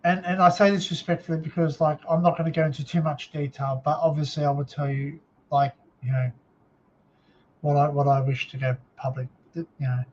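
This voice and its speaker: Halting Australian man, muffled sound. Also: fairly high pitch, level tone, a little mellow, a little hiss or hum. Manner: halting, many fillers and restarts. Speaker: live stream host. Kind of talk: emotional personal story on a live stream. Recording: dull lo-fi sound.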